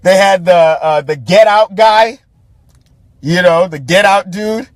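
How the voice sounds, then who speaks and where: Slow and high-voiced, this man hosts a podcast, heard with no echo. His movie rant is loose and full of swearing, and he keeps laughing and starting his sentences over.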